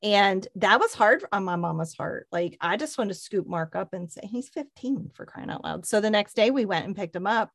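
A woman's voice: mid-range voice, brisk, few pauses, no echo. Woman telling a story on a christian chat show, dry close mic, acts out everyone's lines. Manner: animated storyteller, acts out quoted voices. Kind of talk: casual faith-based chat.

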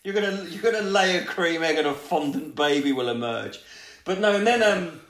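Male podcaster, crude and rambling, animated delivery, roomy sound. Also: on the high side, fairly quick. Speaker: podcast co-host. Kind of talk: casual storytelling chat.

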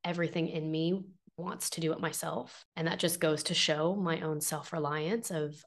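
A woman's voice: sits low, fairly even intonation, normal speed. A young adult woman hosting a podcast, talking in an earnest, heartfelt personal monologue, emotional and close to tears, with many fillers and restarts. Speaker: podcast host.

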